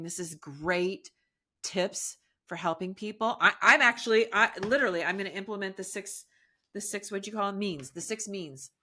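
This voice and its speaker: Bright, effusive woman podcast host. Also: on the low side. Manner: enthusiastic, effusive, laughs easily. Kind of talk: casual interview chat.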